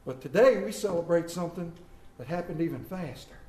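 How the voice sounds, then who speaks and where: A man preaches to his congregation, folksy and conversational, then rising into loud calls. His voice sits unusually high. The sound carries the echo of a large church room. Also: lively intonation, brisk. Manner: folksy, preaching with big swings between loud calls and quiet asides. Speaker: pastor. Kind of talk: Easter sermon. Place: church sanctuary.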